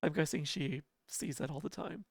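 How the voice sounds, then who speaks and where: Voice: medium pitch, normal speed, gravelly, husky, dry recording, studio quality. A livestreamer chatting casually with viewers from home, laughing often and poking fun at themselves. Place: home apartment.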